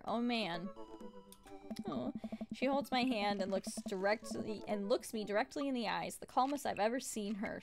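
A woman streamer reading game dialogue aloud and chatting playfully, with music behind her. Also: mid-range voice. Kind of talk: reading game text aloud, casual chat.

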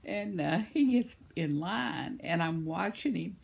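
A woman's voice: fairly low pitch, lively intonation, measured pace, vocal fry, breathy edge. An older woman telling a rambling everyday story in a chatty vlog, laughing often as she talks. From United States. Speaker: vlogger. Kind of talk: casual storytelling.

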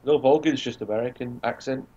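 A man's voice: medium pitch, a little fast, dark tone, highs cut off. A man chatting casually while commentating a video game, explaining things at length. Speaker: co-host commentator. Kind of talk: casual gaming commentary chat.

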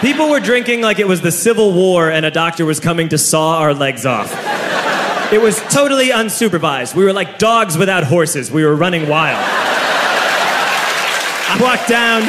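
A young man tells a long comic story on stage, his voice sitting a little high as he builds to shouted punchlines. The venue is roomy and live, with the crowd roaring and laughing and a steady wash of noise behind him. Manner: animated, shouting punchlines over audience laughter. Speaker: stand-up comedian. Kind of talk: stand-up storytelling. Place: live comedy venue with an audience.

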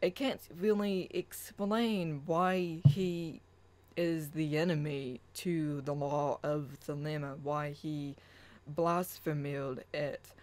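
A spiritual vlogger speaks at an unhurried, drawn-out pace, pausing often and filling the gaps with hesitant fillers. The passages read aloud turn soft and chant-like, in a mid-range voice. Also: medium pitch, steady tone, poor audio. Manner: slow, halting, with many pauses and fillers. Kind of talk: personal rant and reading own blog post aloud.

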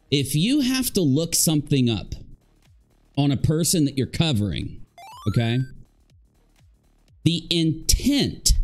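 A man talks straight to his live-stream chat. His voice sits a little high and swings widely in pitch. He is emphatic and often repeats a line to drive it home. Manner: lively, emphatic, repeats himself for stress.

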